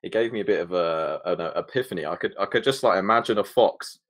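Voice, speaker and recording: A man's voice: low-pitched, quick pace, fairly bright tone. A man co-hosting a casual football fan podcast, chatty and laid-back, spinning little stories. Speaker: podcast co-host. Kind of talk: casual chat.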